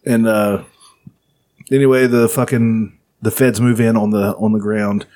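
A man's voice: fairly low pitch, level tone, unhurried, a little mellow. A man casually retelling a story to friends, rambling with lots of fillers and swearing. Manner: rambling, profane, filler-heavy.

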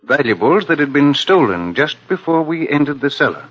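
An actor playing a calm, persistent detective asking measured questions in a 1950s radio drama. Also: male voice, a little high, husky, exaggerated voice. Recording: lo-fi old radio broadcast.

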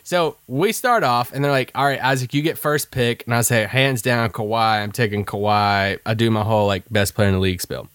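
A man's voice: mid-range voice, fairly even intonation, fairly quick, few pauses, fairly bright tone, clean tone, dry recording, clean studio sound. A man from Kentucky co-hosting a sports podcast, telling stories in a loose, rambling way. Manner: rambling storyteller, lots of fillers and restarts. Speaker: podcast co-host. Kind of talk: casual sports podcast chat.

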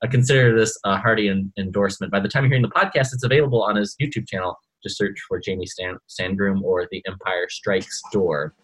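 A man's voice: lowish voice, fairly even intonation, quick pace, few pauses, a bit bright, slightly rough, low-quality recording. A man co-hosting a podcast, chatting casually and rambling with lots of fillers and restarts. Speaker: podcast co-host.

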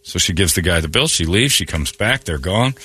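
A man hosting a morning radio show, telling animated stories and acting out the people in them in a casual, joking way. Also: low voice, brisk, breathy edge. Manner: animated storytelling with laughs and acted-out quotes.

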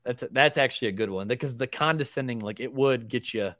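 A man co-hosting a casual sports podcast, telling animated stories and acting out quotes. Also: mid-range voice, fast, no echo. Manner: animated storyteller, acts out quotes. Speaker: podcast co-host.

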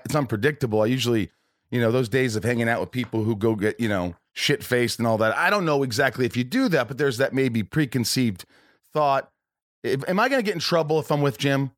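A man's voice: mid-range voice, no room sound, studio quality. A man in his forties hosting a podcast, rambling with frequent restarts and stammers, casually profane. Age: 40s. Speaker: podcast host.

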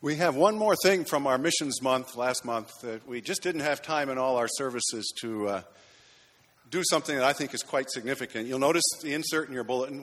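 Chatty pastor in a reverberant church. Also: male voice, medium pitch. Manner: warm, chatty, lightly joking. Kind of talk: church announcements and recognition. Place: church sanctuary. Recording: long reverb of a church hall.

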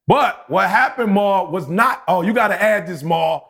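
A man in his forties on a casual podcast, telling a story with lively acted-out quotes. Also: high-pitched, normal speed, vocal fry. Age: 40s. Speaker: podcast co-host.

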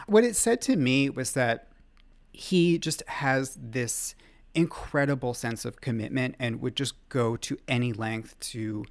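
A man, a magazine writer, as a guest on an interview podcast, telling animated anecdotes with quick laughs. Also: medium pitch.

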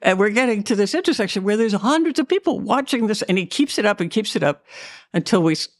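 A woman's voice: mid-range voice, expressive, fast talker, no echo, clean studio sound. A woman, an actress and author, recounting memories as an interview guest, hesitant and candid with many fillers and restarts.

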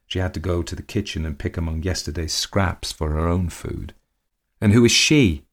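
Deep-voiced man reading a story. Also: little pitch movement, fairly quick. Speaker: narrator. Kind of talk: reading a classic short story.

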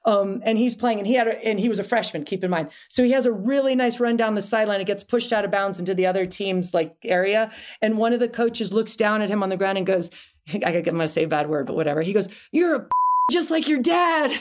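A middle-aged woman, a podcast guest, telling stories in a chatty, animated way with many restarts and asides. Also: mid-range voice, fast talker. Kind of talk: casual interview storytelling.

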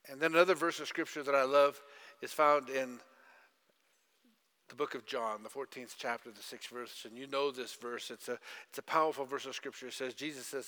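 Casting: bright, sharp-voiced male pastor, storytelling sermon, echoey church hall. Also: mid-range voice, steady tone, a little fast. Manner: storytelling, asks audience questions.

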